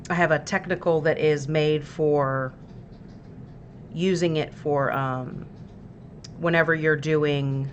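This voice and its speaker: A woman's voice: low-pitched, a little hiss or hum. A woman hosting a miniature painting livestream, explaining her paints in a chatty, easygoing way with plenty of fillers. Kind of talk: casual paint-along tutorial.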